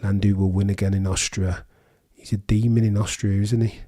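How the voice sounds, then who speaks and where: Brummie guy chatting with his live chat, fairly low voice, dry jokes, reading comments out. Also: little pitch movement, moderate pace, warm tone. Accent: Birmingham English. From England. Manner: chatty, reads out viewer comments, dry quips. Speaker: livestream host. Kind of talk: casual live watchalong chat.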